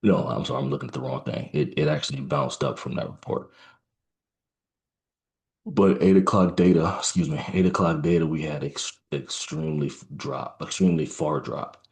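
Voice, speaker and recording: A man giving halting live trading commentary, musing aloud with many fillers and restarts, sounding tired. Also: extremely low pitch, steady tone, gravelly. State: yawning, tired. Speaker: trader.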